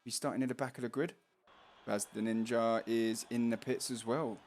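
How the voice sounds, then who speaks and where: A man's voice: medium pitch, steady tone, normal speed, darkish tone, slight background noise. A man with a Cockney accent giving casual, jokey live race commentary, laughing often.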